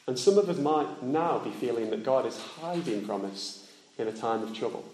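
A man preaching a sermon in plain words, asking his listeners direct questions and dropping soft and low on solemn points. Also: animated, normal speed, slight background noise. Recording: echoey room.

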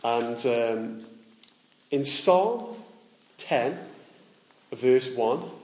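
In an echoey room, a man preaches a sermon in plain language, putting direct questions to his listeners and dropping soft and low on the solemn points. His delivery is animated but extremely slow.

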